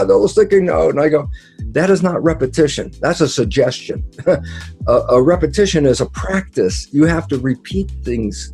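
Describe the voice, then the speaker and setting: An older man giving an animated interview talk, telling stories and acting out quoted dialogue with casual swearing. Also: medium pitch. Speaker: guest speaker.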